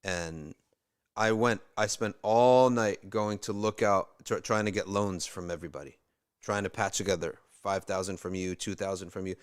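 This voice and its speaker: A man with a fairly low voice tells a religious story to listeners. He talks casually and conversationally, breaking off to restart phrases and add quick asides. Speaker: religious teacher. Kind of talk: storytelling talk.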